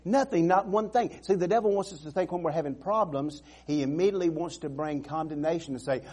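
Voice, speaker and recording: Husky, mellow-voiced male preacher. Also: fairly high pitch, fast talker, few pauses. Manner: earnest, emphatic preaching with repetitions and restarts. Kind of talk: sermon.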